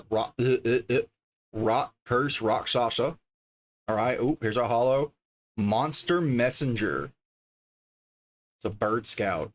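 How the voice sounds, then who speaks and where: A man's voice: medium pitch, a bit bright. A man casually chatting on a livestream as he opens card packs, reading card names aloud and easily delighted by the art. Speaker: streamer opening card packs.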